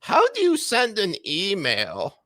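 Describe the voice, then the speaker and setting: A man's voice: high voice, wildly swooping pitch, slow, bright, forceful tone, pitched above the performer's own voice, heavily acted. A man voicing a confused older politician in a whiny, nasal, grandmotherly voice. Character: confused old politician, fretful and slow.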